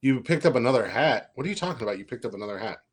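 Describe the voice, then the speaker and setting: A young man hosts a podcast in loose, casual talk. He rambles through his stories, swears freely and often stammers into restarts. His voice sits at an ordinary middle pitch. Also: lively intonation, very fast, slightly rough. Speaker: podcast host.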